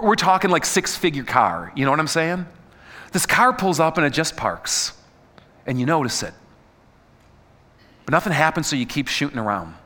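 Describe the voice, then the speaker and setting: A man's voice: medium pitch, fairly bright tone, in a large hall. A middle-aged man preaching a conversational sermon, peppering the audience with questions and tripping over repeated words. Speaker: pastor.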